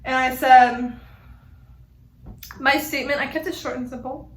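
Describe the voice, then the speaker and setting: A woman's voice: high-pitched, steady tone, a little slow, pauses often. A young woman talking to camera in a casual, rambling way, full of fillers and frank asides, with a slight echo from a small room. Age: young adult. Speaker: vlogger. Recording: echoey room.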